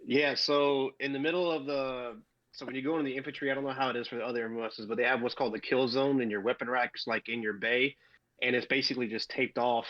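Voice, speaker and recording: A man's voice: mid-range voice, quick pace, muffled recording. A man on a casual podcast, telling a story with lots of swearing. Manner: profane, animated storyteller. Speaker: podcast co-host.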